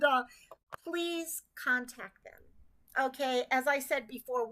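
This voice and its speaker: A woman speaks with a crisp, bright tone, set a little high. She hosts a casual livestream for her community and keeps up an easy, chatty flow, pausing to greet viewers by name. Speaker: livestream host.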